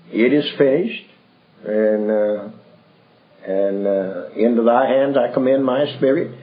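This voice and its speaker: An older man with a drawl teaches a Bible study in a rambling, folksy way, stopping often to search for words. He talks slowly at a middling pitch. The recording is thin and tinny, like an old phone line. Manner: rambling, folksy, many hesitations.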